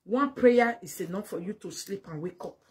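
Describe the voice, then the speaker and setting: A woman with a Nigerian accent delivering a mocking, scolding monologue to camera, slipping into Pidgin and breaking into loud exclamations. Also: mid-range voice, moderate pace, noisy background. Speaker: vlogger. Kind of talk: casual direct-to-camera monologue.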